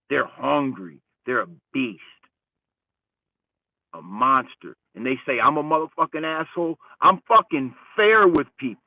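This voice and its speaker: A man vents in a casual, foul-mouthed rant, his voice jumping between raised outbursts and low mutters. The sound is dry and narrow like a phone line, and he sits a bit back from the mic. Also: no echo, distant mic. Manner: profane, heated, rambling, swings between loud and muttered. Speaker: channel host.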